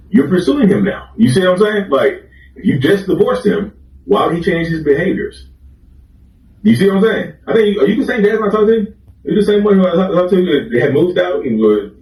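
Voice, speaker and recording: Man, livestream host, casual relationship advice, animated, repetitive, roomy echo, set back from the mic. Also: mid-range voice, distant mic. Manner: animated, repetitive, talks straight to the viewer.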